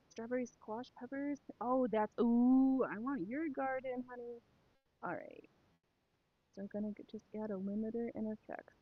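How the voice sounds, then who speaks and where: Husky rambling woman streamer. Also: on the high side, phone-quality sound. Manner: rambling, self-deprecating, talks to herself and her pets. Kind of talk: casual live-stream chat while sewing.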